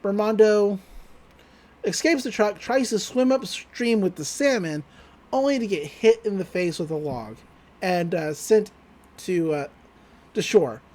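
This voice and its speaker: A podcast host casually recapping a cartoon episode, animated and laughing often. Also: medium pitch, measured pace, long pauses.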